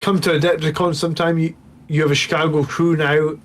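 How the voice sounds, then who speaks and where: A man's voice: fairly high pitch, level tone, a little fast. A man in his thirties hosting a late-night hobby livestream, rambling casually and swearing freely as he thanks viewers over beer and whiskey.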